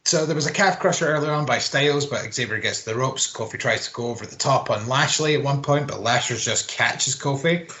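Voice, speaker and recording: A man with a bright, forward voice talks through a wrestling match play by play. He rambles, swears casually and fills pauses with ums and uhs, like a relaxed podcast co-host. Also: mid-range voice. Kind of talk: casual wrestling recap chat.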